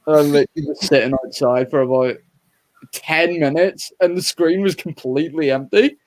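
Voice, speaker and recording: Rambling man, fairly high voice. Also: normal speed. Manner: rambling, stammering restarts, swears freely. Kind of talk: casual movie chat.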